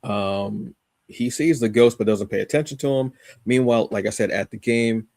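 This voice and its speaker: A man's voice: on the low side, moderate pace, a little mellow, no echo, clean studio sound. A man co-hosting a podcast, casually reviewing a comic with rambling enthusiasm, many fillers and restarts.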